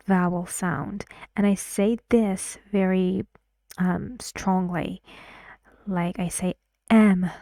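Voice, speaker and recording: Slow, mellow-voiced woman teaching pronunciation. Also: mid-range voice, no echo, clean studio sound. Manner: models words loudly and repeats them, drops to soft asides. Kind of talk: slow, deliberate pronunciation lesson.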